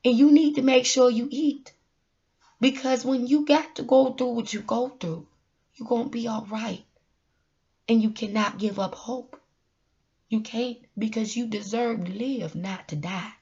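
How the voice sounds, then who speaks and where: A woman's voice: on the high side, fairly even intonation, unhurried, darkish tone. Young woman preaching a playful mock prayer. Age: 20s. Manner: preacher-like cadence, repeats "Lord" and "you said it", laughs at herself. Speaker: vlogger. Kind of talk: comic mock prayer and casual pep talk. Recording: dull lo-fi recording.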